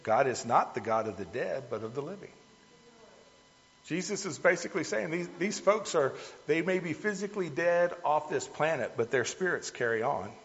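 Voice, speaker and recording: A man's voice: a little high, lively intonation, normal speed. A man preaching a sermon in a conversational, folksy manner, talking to the congregation as folks. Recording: dull lo-fi sound with long hall reverb.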